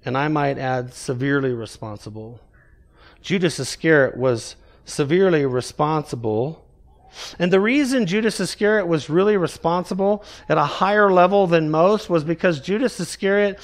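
A man preaching an expository sermon, raising his voice to read scripture and dropping low to stress single words. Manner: emphatic, raises voice for scripture quotes, drops low for key words.

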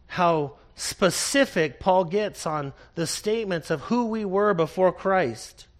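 Slow, high-voiced male preacher. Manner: earnest, emphatic preaching with repeated phrases; reads scripture slowly and deliberately. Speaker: pastor. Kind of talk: expository sermon.

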